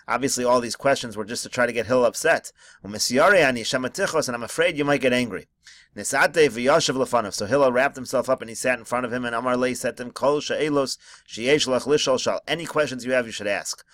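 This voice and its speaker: A man's voice: mid-range voice, fast talker, a bit bright, dry recording. A man teaching a text-study lesson, reading each phrase of the original and then translating it into plain English. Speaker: Talmud teacher. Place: home study screencast.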